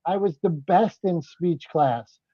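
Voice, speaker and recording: Playful higher-voiced American man hosting. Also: slow, dry recording. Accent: regional American. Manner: playful, excitable, lots of restarts. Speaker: host. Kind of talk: casual podcast banter. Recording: slightly dull lo-fi sound.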